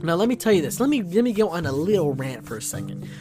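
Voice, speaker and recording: A man's voice: high-pitched, sing-song, fast talker. A young man hosting a podcast, telling a comedic story in a rambling way full of restarts. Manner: rambling, many restarts and fillers. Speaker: podcast host. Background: music.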